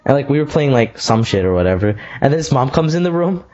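A man's voice: medium pitch, very animated, fast, darkish tone, lo-fi sound. A teenage boy co-hosting a casual podcast, laid-back and joking with short replies. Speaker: podcast co-host. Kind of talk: casual chat.

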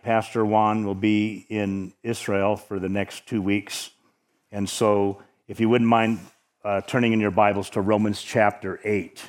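A man preaching a sermon in a conversational teaching manner, slowing down to stress key words. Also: lowish voice.

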